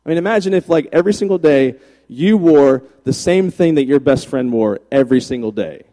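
A man in his forties from Virginia, a pastor telling funny stories in a chatty, animated sermon. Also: a little high, brisk. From Virginia, USA. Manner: chatty, joking, animated anecdotes. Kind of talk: humorous sermon storytelling. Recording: long reverb of a large hall.

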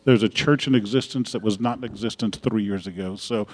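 A man's voice: fairly low pitch, fairly quick, long reverb tail, noisy background. A man serving as pastor, giving church announcements and praying before a congregation, talking in a folksy way with frequent fillers. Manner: folksy, warm-hearted chatter with frequent uh fillers.

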